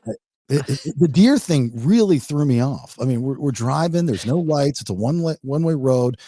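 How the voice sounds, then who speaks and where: A man's voice: mid-range voice, normal speed, no room sound, studio quality. A man hosting a podcast, telling a funny story in a casual, rambling way. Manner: rambling, animated, acts out his wife in quotes. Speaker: podcast host.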